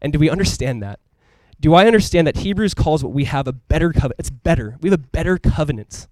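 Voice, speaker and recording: A man preaching a sermon as a pastor in a casual, conversational and animated way, full of asides to the congregation. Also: on the high side, fast talker, dry recording. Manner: animated, emphatic delivery.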